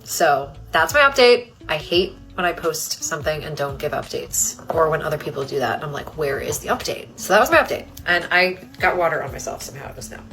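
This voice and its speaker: A woman's voice: sits low, animated, fairly quick, few pauses, fairly bright tone, soft background music, low-quality recording. A young woman telling a story in a casual vlog, chatty and giggly, with lots of fillers.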